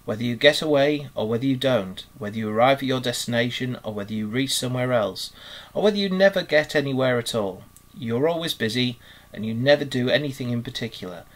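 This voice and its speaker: A man, voicing a genial, dreamy male water rat in a storybook reading, solemn and relaxed. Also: mid-range voice, fairly quick, natural voice.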